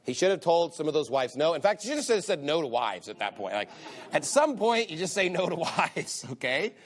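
His voice is a little high, with big pitch swings and a fairly quick pace, as this pastor preaches a sermon. He speaks emphatically, repeats phrases for stress, and reads from the King James wording of scripture.

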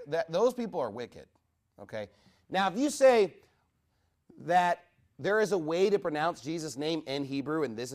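A man preaching a verse-by-verse Bible sermon, emphatic, asking his listeners questions and rising in force to stress his points. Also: darkish tone. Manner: emphatic, asks the congregation questions; rises in pitch and volume when stressing points.

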